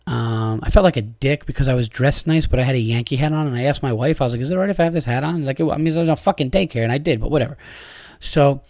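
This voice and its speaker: A man's voice: medium pitch, no room sound, studio quality. A man in his thirties hosting a podcast, ranting through a long story with lots of swearing, fillers and restarts. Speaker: podcast host. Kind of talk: casual storytelling monologue.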